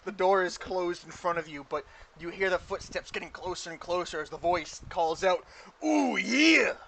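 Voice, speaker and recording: Rambling game master, voice on the high side. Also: male voice, level tone, normal speed, fairly bright tone, a little hiss or hum, rough recording. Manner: rambling narration full of fillers and restarts. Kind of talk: narrating an online tabletop game.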